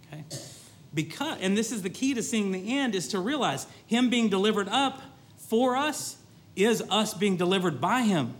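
A man preaching a sermon, quoting scripture and talking directly to the congregation with lively excitement. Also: high-pitched. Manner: animated preaching, with rising excitement and repeated asides to the congregation; quotes scripture in older King James wording.

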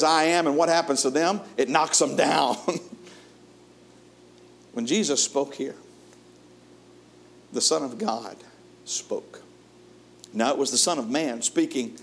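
A man preaching a sermon in a folksy way, chuckling often and moving between lively and hushed delivery. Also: medium pitch, slight background noise.

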